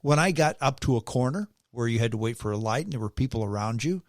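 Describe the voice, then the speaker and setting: A man hosting a podcast in casual chat, telling a story in a relaxed, conversational way. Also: mid-range voice, quick pace, no echo, clean studio sound. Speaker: podcast host.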